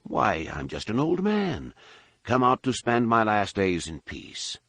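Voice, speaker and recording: A man voicing a calm, wry old hermit, speaking softly and slowly, with a deep, lively voice. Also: no room sound, exaggerated voice. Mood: calm, amused. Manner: slow, soft and measured.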